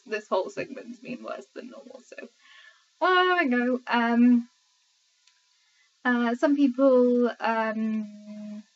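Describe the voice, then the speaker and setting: A young English woman chatting to camera late at night, sleepy and rambling with many filler ums. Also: on the high side. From England. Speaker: vlogger. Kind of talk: casual chat to camera. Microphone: laptop webcam mic. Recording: lo-fi webcam audio.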